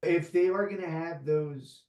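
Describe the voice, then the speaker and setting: A man's voice: on the high side, unhurried, dark tone. Heartfelt man in an echoey room. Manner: heartfelt, emotional, casual with "man" and "like". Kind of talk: casual conversation.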